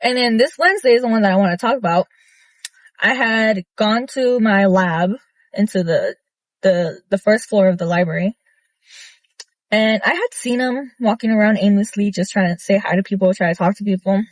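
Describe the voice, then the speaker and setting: A young woman recounting a story in a loose, casual rant, blunt and swearing often. Her voice sits at an ordinary middle pitch. The sound is close and dry, with no room around it. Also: moderate pace, dry recording. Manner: blunt, profane, animated retelling with many fillers. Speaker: vlogger.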